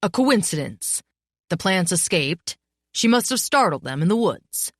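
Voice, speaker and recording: A woman's voice: on the low side, very animated, unhurried, breathy edge, dry recording, clean studio sound, heavily acted. A woman voicing a haughty, dismissive male investigator with a cold manner.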